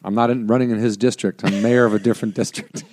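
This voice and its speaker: A man's voice: on the low side, quick pace. A man co-hosting a podcast in casual chat, joking and acting out quoted voices. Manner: jokey, animated, acts out quoted voices. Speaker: podcast co-host.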